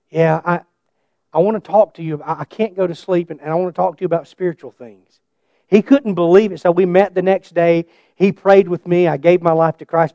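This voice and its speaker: A middle-aged man preaching a sermon and telling his own story, swinging between loud bursts and hushed asides. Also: high voice, no room sound. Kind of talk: sermon with personal testimony.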